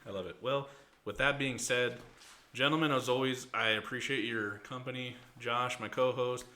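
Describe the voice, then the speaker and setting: Podcast host, male, bright forceful voice, loose rambling storyteller who laughs easily. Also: medium pitch, fairly even intonation, moderate pace. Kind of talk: casual chat.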